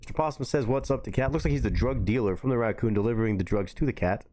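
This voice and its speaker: A man's voice: fairly low pitch, expressive, racing, warm tone, slight background noise. A young man streaming live, reacting to clips and cracking crude, slangy jokes. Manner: crude, joking, slangy banter.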